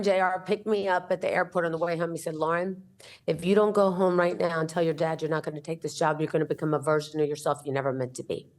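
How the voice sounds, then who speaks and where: A woman's voice: on the low side, creaky. A woman in her fifties, an entrepreneur guest telling a story in an interview and acting out the dialogue as she goes. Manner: animated, acts out the dialogue in her stories.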